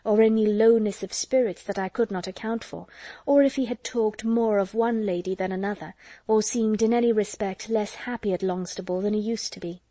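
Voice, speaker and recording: A woman's voice: mid-range voice, steady tone, brisk, mellow, no echo, lightly acted. A woman voicing a jealous, scheming young woman in an audiobook, confiding and earnest.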